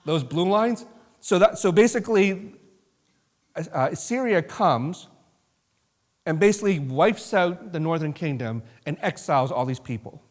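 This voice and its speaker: Unhurried yet animated, this man's higher-pitched voice leads a Bible study from a church sanctuary. As pastor, he talks through the passage in a casual, informal sermon, often restarting and wandering into asides.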